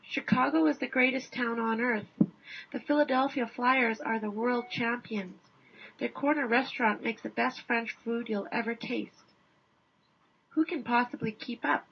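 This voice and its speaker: A woman's voice: fairly high pitch, fairly even intonation, measured pace, creaky, husky. A woman reading a wry first-person essay aloud in a dry, understated manner. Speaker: essay reader. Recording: dull lo-fi recording.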